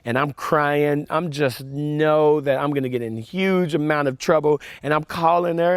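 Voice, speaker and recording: A man giving a storytelling sermon to young listeners, animated with fillers and repeats, dropping soft and quiet for reflection. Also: on the high side, moderate pace, few pauses, clean tone, no room sound, studio quality. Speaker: camp speaker.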